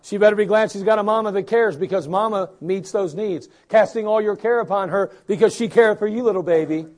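A man's voice: high-pitched, a little fast, a little mellow. An older man preaching a sermon as pastor, repeating lines and building to bursts of emphasis.

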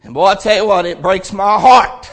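Male pastor, high-pitched and piercing, impassioned revival preaching with repeated lines and shouted peaks. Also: normal speed, faint music behind. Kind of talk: fervent revival sermon. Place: church service.

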